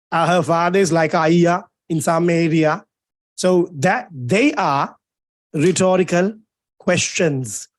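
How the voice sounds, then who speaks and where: A young male English literature teacher with a Sri Lankan English accent, speaking in a fairly high voice on a video-call lecture. He jokes with his students and fires off questions, then answers them himself. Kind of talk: online lecture. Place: home or classroom, streamed over a video call. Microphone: video call microphone.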